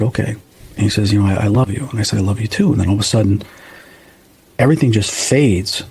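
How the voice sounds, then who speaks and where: A man's voice: on the low side, vocal fry, dark tone, breathy edge. A man in his fifties, a guest medium, earnestly telling a personal story and acting out the dialogue. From United States. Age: 50s. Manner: earnest, acts out quoted dialogue.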